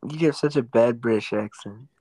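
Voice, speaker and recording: A man's voice: mid-range voice, normal speed, mellow, no room sound, rough recording. A man in casual chat, talking bluntly and crudely, swearing freely and correcting others drily. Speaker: stage actor guest.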